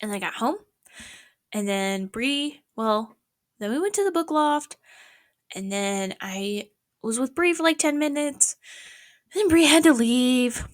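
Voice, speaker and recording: In a small apartment at night, a young woman vlogs about her day in a high-pitched voice, at a measured pace with frequent pauses. The recording is clean studio sound with no room sound. She rambles animatedly and sometimes drops to a whisper.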